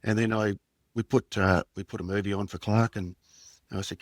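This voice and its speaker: Low-voiced Australian man telling a story. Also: steady tone, no echo. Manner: halting, reflective, many fillers and restarts. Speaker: podcast guest, former police detective. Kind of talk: personal storytelling in conversation.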